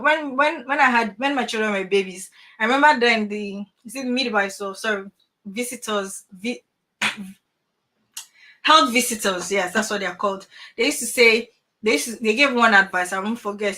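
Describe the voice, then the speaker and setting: A middle-aged woman giving an animated motivational talk to parents over a video call, full of emphatic rhetorical questions. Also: fairly high pitch. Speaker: transformational coach.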